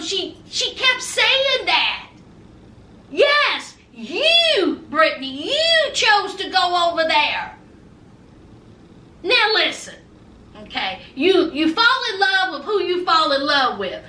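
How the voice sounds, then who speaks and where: Sassy lady recapping reality tv, super high and bright voice, echoey room, kinda far from the mic. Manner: sassy and emphatic, keeps asking "okay?". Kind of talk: casual TV recap commentary.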